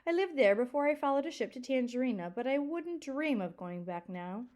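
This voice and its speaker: A woman voicing a very old, croaky, smug seagull in a storybook read-aloud. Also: sits high, expressive, brisk, a little mellow, pitched above the performer's own voice.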